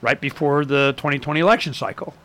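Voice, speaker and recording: A man with a bright, slightly high voice talks fast, telling history in a lively, conversational style. He acts out quotes with gusto and packs his talk with casual asides and fillers.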